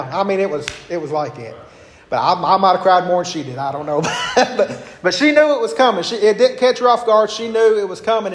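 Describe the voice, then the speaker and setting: A man with a high-pitched voice leads a Bible class, talking conversationally and pausing to search for words. He works through homely stories. The room is echoey around him. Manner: conversational, with homely anecdotes and hesitations.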